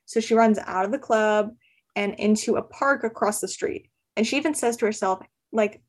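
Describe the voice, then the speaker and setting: A woman's voice: mid-range voice, moderate pace. A woman recapping a romance novel in casual podcast chat, chatty and full of "like" fillers, laughing often. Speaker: podcast guest.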